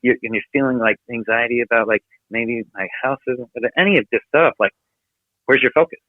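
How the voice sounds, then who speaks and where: Energetic guy coaching over a thin phone-ish line from his office, dry, rattles off questions. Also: medium pitch, no echo. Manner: energetic, rapid rhetorical questions. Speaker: podcast guest. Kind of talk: motivational coaching talk. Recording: tinny phone-like remote line.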